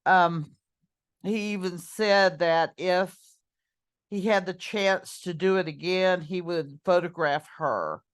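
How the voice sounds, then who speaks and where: Slow-talking woman teacher, low voice. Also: clear, resonant tone. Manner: chatty, with many ums and self-corrections. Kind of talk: screen-recorded lesson walkthrough.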